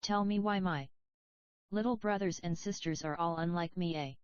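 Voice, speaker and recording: A woman's voice: fairly low pitch, normal speed, clean tone, lightly acted. A woman voicing a curious wild boy raised by toads, asking eager questions, in a dull lo-fi recording. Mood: impatient.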